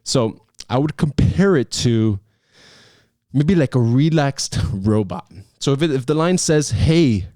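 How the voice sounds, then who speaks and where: A young man talks straight to the camera with lively emphasis, hammering his points home by repeating them. His voice sits in an ordinary middle range. It sounds close and dry, with no room sound. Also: mid-range voice, unhurried, no echo. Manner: energetic, emphatic, repeats key phrases. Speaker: acting coach vlogger. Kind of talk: casual advice talk to camera.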